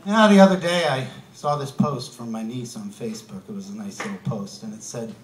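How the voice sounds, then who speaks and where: A man's voice: mid-range voice, fairly quick, few pauses, echoey room, slight background noise. A man doing a stand-up comedy set, punchy and wry, throwing asides to the crowd. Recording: live club room, mic heard from a distance. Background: audience laughter.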